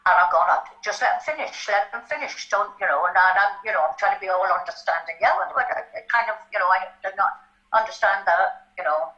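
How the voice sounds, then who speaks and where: An older Irish woman telling a personal story in an interview, animated and often checking in with "right?". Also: mid-range voice, brisk. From Ireland. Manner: animated, tag questions like "right?". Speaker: guest. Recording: dull lo-fi sound.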